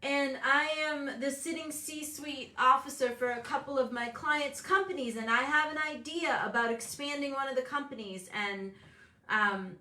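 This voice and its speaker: A woman's voice: high-pitched, moderate pace, pushed and bright, reverberant. A woman hosting a casual motivational talk show, speaking candidly and animatedly, acting out the voices of people she quotes. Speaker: host and business coach.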